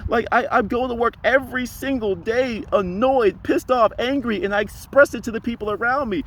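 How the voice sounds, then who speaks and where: A man's voice: moderate pace, a bit bright, a little hiss or hum. A man voicing a weary, fed-up working woman who vents her exasperation in a raised voice. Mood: exasperated. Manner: exasperated venting, higher voice.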